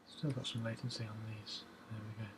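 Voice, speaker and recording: A man's voice: lowish voice, a little fast, background noise. A man casually talking through a photo edit on screen, muttering to himself as he works. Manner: relaxed, muttering to himself as he works, hums while waiting. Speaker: photo editing vlogger.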